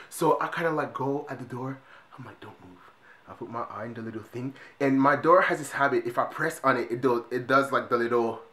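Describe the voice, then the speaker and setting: A young man vlogging, telling a story in an animated way, swinging between loud exclamations and hushed whispers. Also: mid-range voice, echoey room.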